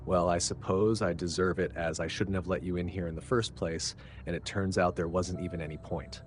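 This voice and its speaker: Audiobook part: a weary, half-amused young woman, voiced by a deep-voiced male reader, faint music under. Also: fairly even intonation, brisk, close to an everyday voice. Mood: weary teasing. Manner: tired, half-amused, scolding. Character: weary young woman lodger, teasing then anxious.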